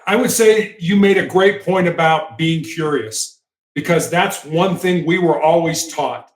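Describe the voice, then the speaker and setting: Male guest, former negotiator, high-pitched, earnest and animated, roomy echo. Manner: earnest, animated, repeats words when emphatic. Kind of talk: conversational interview.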